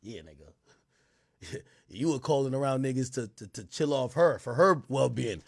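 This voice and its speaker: A man's voice: medium pitch, normal speed, vocal fry, dry recording, studio quality. A man chatting casually on his livestream, tipsy, rambling and profane, laughing often and mimicking other people.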